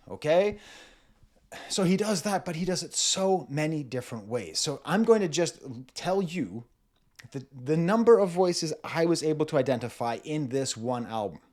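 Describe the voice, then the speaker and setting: A man in his forties talks through a rap album with a lively, swooping delivery that sits a touch high. He is playful and keeps slipping into quick imitations of vocal styles, laughing along the way. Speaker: music reviewer. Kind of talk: casual music analysis.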